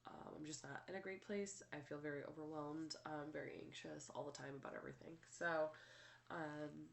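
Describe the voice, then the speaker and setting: A woman's voice: sits low, steady tone, normal speed, gravelly, slight background noise. A young woman talking in a candid, rambling way in a personal vlog, her voice stuffy and congested. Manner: candid and rambling, many fillers. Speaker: vlogger.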